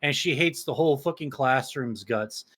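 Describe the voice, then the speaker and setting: A man's voice: medium pitch, moderate pace, a bit bright, husky. A young man co-hosting a casual podcast, telling stories in a rambling, profane way, full of restarts and fillers. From small town. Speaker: podcast co-host.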